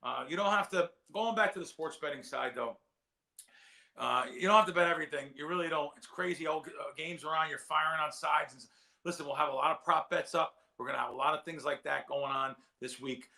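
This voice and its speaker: Gravelly, bright-voiced man rambling on a show. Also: a little high, fairly quick. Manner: rambling, heartfelt, repeats words. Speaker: sports betting analyst. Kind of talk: casual chat.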